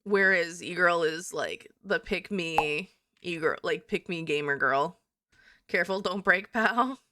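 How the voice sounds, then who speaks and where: A woman's voice: lowish voice, measured pace, pushed and bright, no echo. A woman hosting a livestream in casual chat, chatty and giggly while she reacts to viewers. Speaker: livestream host.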